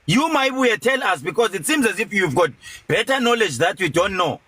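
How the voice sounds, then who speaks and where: Debate chair, male, bright and high, commanding and mocking. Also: very animated, moderate pace, dry recording, poor audio.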